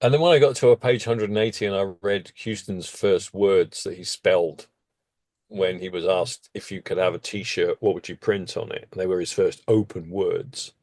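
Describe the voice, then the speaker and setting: A man, a guest telling a story in casual conversation, animated and often leaping suddenly up in pitch. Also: normal speed, dry recording. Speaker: interview guest.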